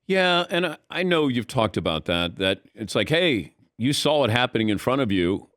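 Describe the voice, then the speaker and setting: A man hosting a radio talk show, asking his guest questions in a casual, lively way. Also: mid-range voice, normal speed. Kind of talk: casual interview.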